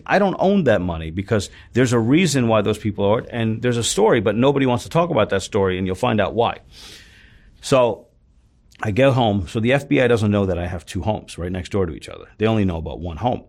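Gravelly guy, kinda low, swears a lot, acts out every line people said to him. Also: darkish tone. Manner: retells scenes with quoted dialogue, swears freely; intense, emphatic when upset. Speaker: guest. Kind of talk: storytelling in an interview.

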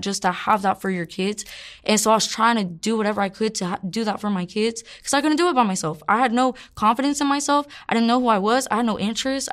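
A woman in her twenties frankly telling her life story in an interview, rambling with many fillers and curse words. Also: medium pitch. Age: 20s. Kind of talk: candid personal storytelling.

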